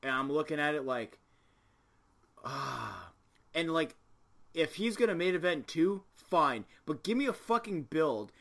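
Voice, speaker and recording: Bright-voiced, profane ranting man. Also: on the high side, expressive, a little slow, gravelly. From Canada. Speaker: podcast host. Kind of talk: casual chat.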